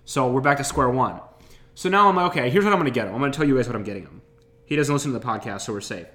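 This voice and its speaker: A podcast host who is recovering from an illness tells a rambling, wry story full of complaints. His mid-range voice is animated and racing, a bit bright, with a roomy echo on the recording.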